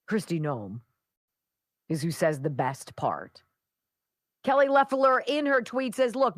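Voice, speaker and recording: A woman's voice: mid-range voice, no room sound, clean studio sound. A woman hosting a talk radio show, delivering sarcastic, mocking commentary. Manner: sarcastic, mocking, mimics voices. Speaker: radio host.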